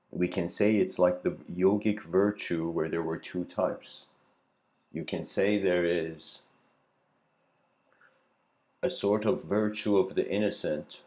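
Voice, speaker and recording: A man giving a reflective, casual spoken lecture, musing aloud with loose asides and frequent throat clearing. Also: deep voice, a little mellow.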